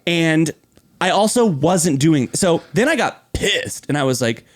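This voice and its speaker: A man's voice: fairly high pitch, lively intonation, a little slow. A man co-hosting a podcast, telling a story in casual chat, acting out voices, swearing and laughing often. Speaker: podcast co-host.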